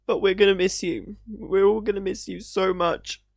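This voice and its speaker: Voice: medium pitch, fairly even intonation, normal speed, creaky, no room sound, studio quality. A YouTube creator reacting to a video, teary and emotional, speaking in an earnest, gushing way and stumbling over words.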